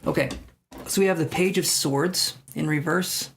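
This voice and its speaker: A man with a slightly high voice hosts a live tarot stream. He rambles, thinks aloud and pokes fun at himself while reading cards for his viewers. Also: fairly even intonation, normal speed, a bit bright, a little hiss or hum. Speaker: tarot reader.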